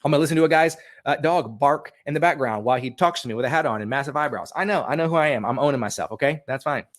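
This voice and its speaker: A man giving an energetic motivational webinar talk from home, repeating questions to coach his listeners. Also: mid-range voice, racing. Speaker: webinar speaker. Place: home room with a dog.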